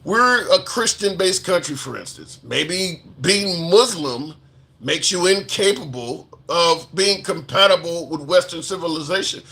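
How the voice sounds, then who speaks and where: A man hosting a live commentary stream speaks with indignant emphasis. He reads out viewer comments and repeats his points to drive them home. His voice sits high and sounds bright and forceful. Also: lively intonation, measured pace.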